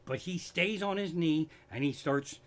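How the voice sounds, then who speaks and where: A man's voice: on the high side, a little slow. A man doing profane, worked-up stand-up comedy, streamed live from his living room, with a Pennsylvania accent.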